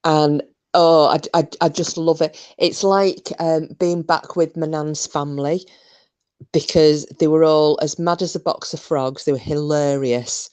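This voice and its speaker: A woman with a notably low voice talks loosely to her live chat. She rambles from one thought to the next, doubling back on her words. It sounds like a relaxed home stream on a computer mic. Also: a little slow, clear, resonant tone. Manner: chatty, rambling, many restarts and fillers. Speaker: livestream host. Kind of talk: casual chat with live viewers.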